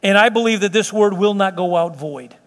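A man's voice: sits high, a little fast. A man preaching as pastor in a church, earnest and emphatic with folksy asides, then leading a prayer. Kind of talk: sermon and closing prayer. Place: church sanctuary. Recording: long hall reverb.

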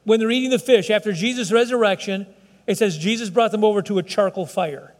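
High-voiced preacher in a reverberant church. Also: male voice, brisk. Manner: conversational preaching, asks the congregation questions. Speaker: pastor. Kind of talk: sermon. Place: church, broadcast service.

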